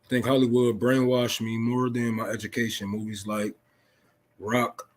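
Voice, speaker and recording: A man's voice: mid-range voice, level tone, moderate pace. A young man in an unscripted political rant, profane and fired-up, preaching to his listeners. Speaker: political talk host.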